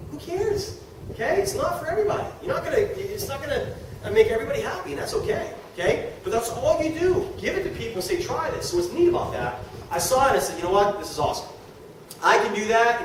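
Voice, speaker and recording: Middle-aged male presenter, quick and high-pitched, pitching to a crowd, recorded far off in a very echoey room. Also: background noise. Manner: animated and joking, talks to the audience. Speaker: sales presenter. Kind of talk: live sales presentation to a room.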